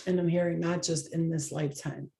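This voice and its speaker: Low mellow-voiced woman reading tarot. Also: fairly even intonation, a little fast, creaky. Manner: emotional, effusive, dramatic, swears. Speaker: tarot reader.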